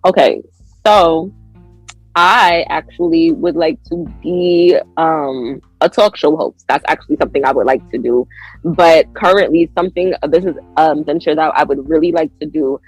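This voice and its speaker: A woman guest on a podcast telling a story in an animated way. She acts out her own lines with big jumps in pitch and laughs often. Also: normal speed, slightly rough, no echo, faint music behind, low-quality recording.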